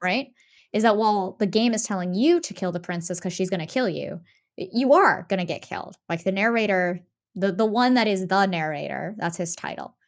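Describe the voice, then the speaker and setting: A woman co-hosting a podcast, talking in a casual, animated way with lots of fillers and restarts. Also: mid-range voice, a little fast. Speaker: podcast co-host. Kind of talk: casual discussion.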